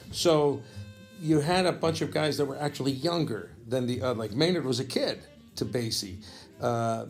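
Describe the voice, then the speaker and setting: A man in his fifties, a jazz saxophonist, telling a story in a rambling, animated way, with restarts and frequent throat-clearing. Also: mid-range voice. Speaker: jazz saxophonist recounting a memory. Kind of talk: casual spoken storytelling.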